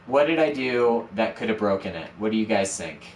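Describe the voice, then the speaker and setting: A man's voice: on the low side, expressive, a little fast, slight background noise. A man casually streaming his game-building work, mocking himself as he talks through each step, with a dog barking in the room. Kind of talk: casual live-stream commentary. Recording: roomy echo, a bit far from the mic.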